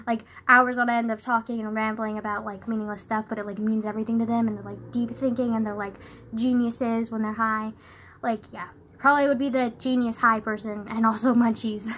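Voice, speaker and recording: A woman's voice: a little high, level tone, a little fast, slight background noise. A young woman vlogging from her bedroom into a phone camera, chatting in a loose, rambling way, filling nearly every phrase with "like" and laughing often. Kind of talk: casual rambling chat to camera.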